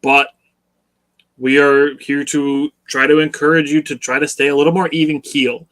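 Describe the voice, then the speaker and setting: A man co-hosting a casual sports podcast, explaining his points in a measured, steady way and urging listeners to stay level-headed. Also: on the high side. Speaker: podcast co-host.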